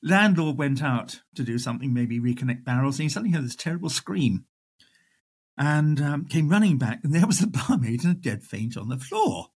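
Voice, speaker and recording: An older man, a historian, telling wartime anecdotes in an animated way. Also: mid-range voice, fairly quick, slightly rough. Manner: animated raconteur, acts out voices. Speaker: historian guest. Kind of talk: storytelling interview.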